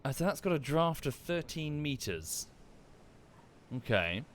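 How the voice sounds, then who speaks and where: Male gaming streamer at home, casual talk-through, lively swooping pitch, mutters and corrects himself. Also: measured pace, slight background noise. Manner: thinks aloud, muttering asides and self-corrections. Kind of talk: casual live-stream commentary.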